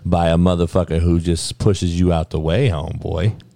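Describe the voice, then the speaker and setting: A man's voice: low voice, moderate pace, creaky. A man hosting a podcast, delivering a blunt, profane sports rant in casual talk. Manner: profane, blunt, animated rant with frequent cursing. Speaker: podcast host.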